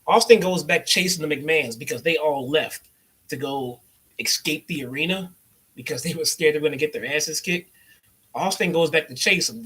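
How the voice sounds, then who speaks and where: A man's voice: fairly high pitch, a bit bright, slightly rough. A young adult man from the Chicago area giving a loose, sarcastic and profane wrestling review. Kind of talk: casual profane recap.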